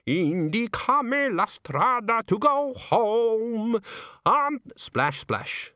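A man's voice: on the high side, huge pitch swings, drawn-out words, bright, forceful tone, no echo, clean studio sound, voice pushed up, heavily acted. A man voicing a jolly tenor man singing in his bath and slipping into a put-on foreign accent. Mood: merry.

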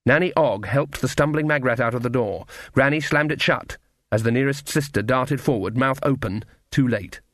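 Man reading a storybook out loud, measured pace, mid pitch, dry close sound. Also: dry recording. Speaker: narrator. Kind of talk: audiobook narration.

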